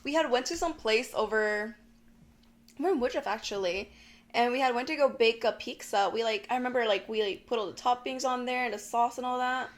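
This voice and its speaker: A young woman co-hosting a casual chat podcast, an animated storyteller who acts out her own panicked shouts and fills her talk with "like" and "girl". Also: on the high side, brisk. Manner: swears casually, says "like" and "girl" often. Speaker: podcast co-host.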